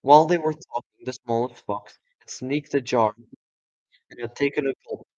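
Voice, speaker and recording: A man narrating a children's book in a live read-aloud, expressive, with chatty asides. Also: medium pitch, moderate pace, no echo, muffled recording. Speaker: storyteller.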